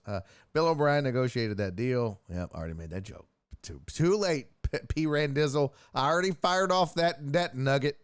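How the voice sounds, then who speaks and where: A man's voice: mid-range voice, expressive, normal speed, clean tone, dry recording, clean studio sound. A man hosting a casual streamed sports talk show, joking profanely and reacting to chat messages. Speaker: host.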